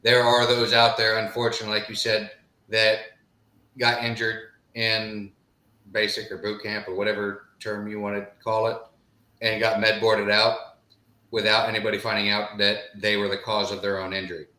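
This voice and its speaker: A man's voice: on the low side, level tone, normal speed, pushed and bright, reverberant. A middle-aged man co-hosting a live show, chatting casually and reading viewer comments, with a drawling manner and lots of filler phrases. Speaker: podcast co-host. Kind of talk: casual live-stream chat.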